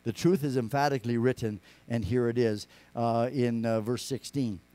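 A man preaching a sermon, rambling with many restarts, rising to emphatic lines and dropping to quiet asides. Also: medium pitch, steady tone, normal speed, no echo. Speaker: pastor.

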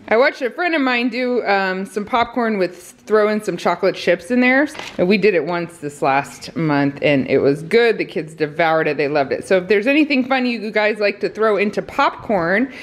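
Chatty, breathless woman. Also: medium pitch. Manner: chatty, laughs often between items. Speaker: vlogger showing a grocery haul. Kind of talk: casual chat.

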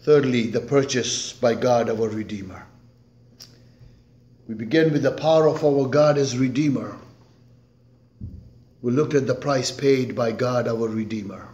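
A male pastor preaching a sermon slowly and emphatically, swinging between loud declarations and hushed, soft phrases. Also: mid-range voice, dull audio. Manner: slow, emphatic preaching with dramatic swings in loudness. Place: church sanctuary. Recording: echoey church room.

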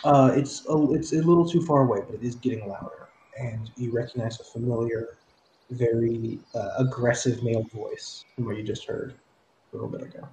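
A man's voice: mid-range voice, steady tone, brisk, a little mellow, echoey room, a little hiss or hum, low-quality recording. A man narrating as game master of a tabletop game, describing scenes with frequent fillers.

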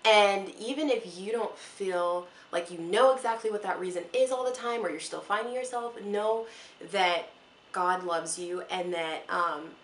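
Young mom vlogger, earnest and rambly, encouraging, mid-pitch voice, roomy echo with faint background hum. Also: female voice, measured pace. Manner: earnest, rambling and encouraging, near tears at times. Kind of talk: casual heartfelt talk to camera. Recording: echoey room with faint ambient noise.

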